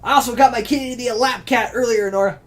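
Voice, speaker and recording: A man's voice: very high-pitched, quick pace. Chatty man commenting on his gameplay. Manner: rambling, chatty, talks to his cat. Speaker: game streamer. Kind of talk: casual let's-play commentary.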